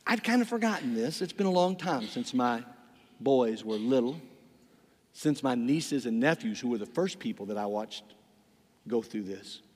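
An older man preaching a sermon as pastor, emphatic, repeating words and swinging from loud passages to quiet ones. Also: mid-range voice, lively intonation, normal speed. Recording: long reverb of a large hall.

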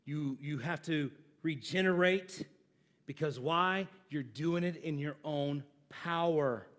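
A pastor preaching a sermon, moving from loud emphatic lines to low hushed phrases, chatting with and joking with his congregation. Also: slow pace. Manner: conversational, asks the congregation questions and jokes with them.

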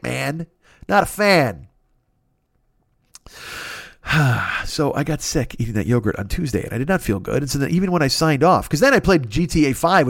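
A man's voice: mid-range voice, no room sound, clean studio sound. A man hosting a podcast, riffing in a profane, exaggerated comic rant about his stomach troubles. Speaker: podcast host. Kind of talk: casual comedic rant.

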